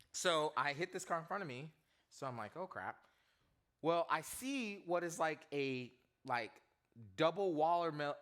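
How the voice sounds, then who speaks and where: Man, youth pastor, storytelling sermon, animated, comic, mid-pitched voice, asks the crowd questions. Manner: animated, comic, quizzes the audience.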